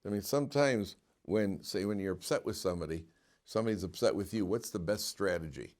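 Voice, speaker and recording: A rabbi a fairly low voice teaches an informal class. He talks in an animated way and stops often to question his students. His sentences break off and restart as he thinks aloud. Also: fairly quick.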